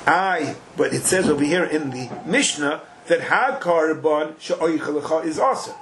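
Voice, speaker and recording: A man giving a Talmud class, chanting the quoted text in an animated sing-song. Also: a little high, unhurried, hardly any pauses, a little hiss or hum, poor audio. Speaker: Talmud teacher.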